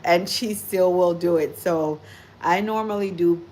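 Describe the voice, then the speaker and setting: A woman's voice: lowish voice, unhurried, darkish tone, slight background noise. A woman hosting a casual livestream, chatting in a rambling, easygoing way full of "like" and "you know". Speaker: livestream host.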